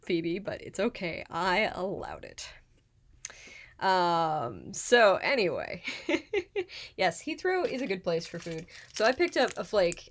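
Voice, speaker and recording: A woman hosting a live cooking stream in her apartment kitchen, chatting casually, rambling and greeting viewers as she goes. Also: lowish voice.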